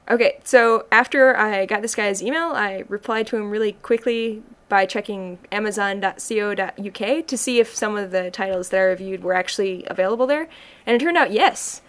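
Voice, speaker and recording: A woman's voice: mid-range voice, fairly quick, a bit bright. Wry, teasing woman podcast co-host. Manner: wry, teasing, laughs often. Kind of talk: casual podcast chat.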